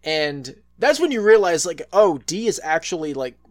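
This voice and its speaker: A man talks through a story in a loose, casual podcast chat. His voice sits a little high, and he circles back with fillers and restarts as he goes. He swears freely along the way. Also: big pitch swings, moderate pace. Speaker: podcast co-host.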